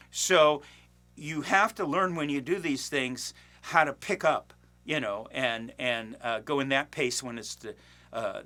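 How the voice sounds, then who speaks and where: Middle-aged guy, bright forceful voice, rambling with lots of uhs and restarts. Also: on the high side. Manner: rambling, many fillers and restarts, chuckles. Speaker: working actor, podcast host. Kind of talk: casual storytelling monologue.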